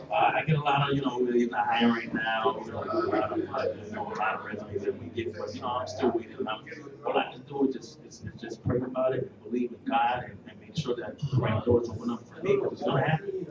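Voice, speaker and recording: A man's voice: mid-range voice, fairly quick, heavy background noise. A man telling his story in a casual, emphatic, rambling way, full of determination. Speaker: guest. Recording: echoey, distant, dull live stream with loud crowd.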